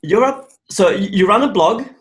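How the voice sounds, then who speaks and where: Italian man hosting an interview, higher voice, hesitant, restarts sentences. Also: expressive, normal speed. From Italy. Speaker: host. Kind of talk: casual interview.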